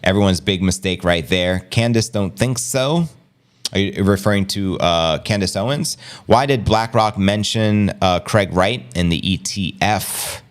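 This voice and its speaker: Deep-voiced, slangy male livestream host. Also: measured pace. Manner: slangy and joking, reading out chat. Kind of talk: casual livestream chat.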